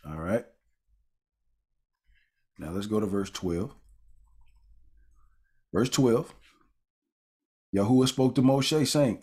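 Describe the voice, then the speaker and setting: A man's voice: lowish voice, expressive, slow pace, pauses often, a little mellow, breathy edge. A man giving a conversational Bible lesson, wandering into casual asides with fillers and restarts, then reading scripture aloud and stressing key words. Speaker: Bible teacher.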